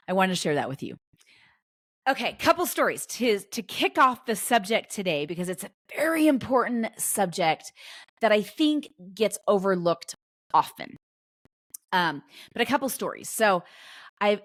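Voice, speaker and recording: A woman's voice: lowish voice, dry recording. Chatty woman in her forties, dry close sound. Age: 40s. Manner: chatty and animated, laughs often, restarts sentences. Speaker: podcast host. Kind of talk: casual solo podcast chat.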